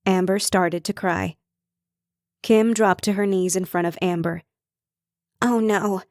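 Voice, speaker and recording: A woman reading an audiobook in measured, even scripted narration. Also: lowish voice, no echo, studio quality.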